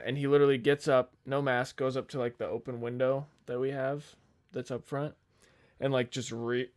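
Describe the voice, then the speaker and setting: A man's voice: mid-range voice, steady tone, moderate pace. A young man on a podcast telling a long, rambling work story in casual chat, swearing freely and quoting the people in it. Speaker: podcast co-host.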